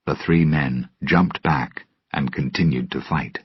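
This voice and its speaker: Storybook narrator: man, deep and raspy, slow and deliberate, dry lo-fi sound. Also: dry recording. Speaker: storybook reader. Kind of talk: graded-reader story narration for English learners. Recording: dull lo-fi recording.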